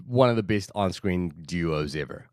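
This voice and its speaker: A man with a cold co-hosts a casual movie podcast, trading jokes and deadpan asides. His pitch moves a lot, and the recording is dry and close. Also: normal speed, dry recording. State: has a cold, slightly congested. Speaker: podcast co-host. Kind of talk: casual chat.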